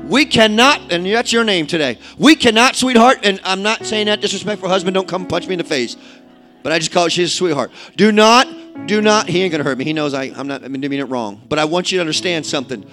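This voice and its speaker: Fiery high-voiced evangelist man. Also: quick pace, faint music behind. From inner-city St. Louis, USA. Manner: swings from quiet asides to shouted exhortation, folksy. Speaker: evangelist preacher. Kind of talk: fiery sermon. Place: church service with congregation.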